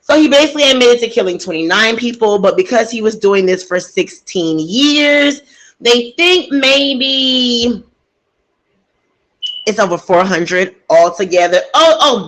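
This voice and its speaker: A woman's voice: medium pitch, a bit bright, rough recording. Emotional, outraged true-crime storyteller woman. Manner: emotional and outraged, addresses listeners as y'all. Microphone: desk microphone.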